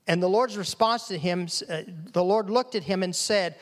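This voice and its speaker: High-voiced man preaching in a reverberant hall. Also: a little fast, hardly any pauses, fairly bright tone. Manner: acts out quoted voices, repeats phrases for emphasis. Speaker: pastor. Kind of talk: sermon.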